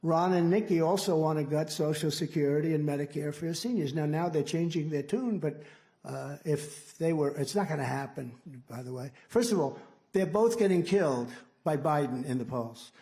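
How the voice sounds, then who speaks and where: A man's voice: on the high side, moderate pace, mellow. An older man in his seventies giving a rambling, boastful campaign rally speech at a podium microphone, with mocking asides. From United States. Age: 70s. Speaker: political candidate. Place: large indoor rally hall.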